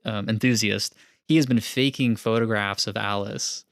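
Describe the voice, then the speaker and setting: A man's voice: on the low side, steady tone, moderate pace, a bit bright, dry recording, studio quality. A man co-hosting a casual film podcast, talking animatedly with frequent laughs and lots of filler words. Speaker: podcast co-host.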